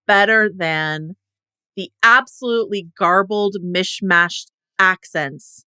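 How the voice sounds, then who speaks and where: A woman's voice: medium pitch, slow, sharp tone, smooth, dry recording, studio quality. A woman co-hosting a podcast, chatting casually about films with a wry, sardonic humor. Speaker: podcast co-host. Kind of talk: casual film discussion.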